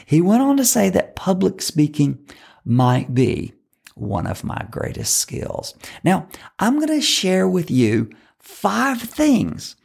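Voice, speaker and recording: Heavy vocal fry, husky, slow and deliberate, lively pitch, emphatic speaking coach. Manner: emphatic, repeats key words, demonstrates filler words. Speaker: public speaking coach for fundraisers. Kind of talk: instructional talk.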